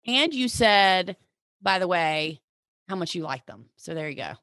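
A woman co-hosting a podcast in casual chat, playful and quick to laugh. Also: medium pitch, expressive, bright, forceful tone. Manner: chatty, laughs easily, playful. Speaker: podcast co-host.

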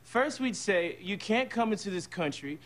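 An actor in a TV comedy sketch playing a soft-spoken, drowsy presidential candidate. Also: male voice, sits high, lively intonation, normal speed. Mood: dreamy. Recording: played-back TV clip, faint hiss.

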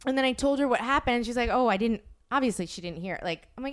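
A woman's voice: fairly high pitch, lively intonation, quick pace. A woman hosting a podcast, telling a story in casual chat, acting out quotes and swearing freely. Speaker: podcast host.

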